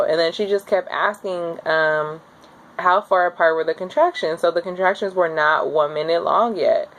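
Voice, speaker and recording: A young woman casually telling her own story to the camera, chatty and candid, with lots of fillers and lively acted-out quotes. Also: normal speed. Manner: acts out quoted voices with high jumps. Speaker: new mother telling her birth story.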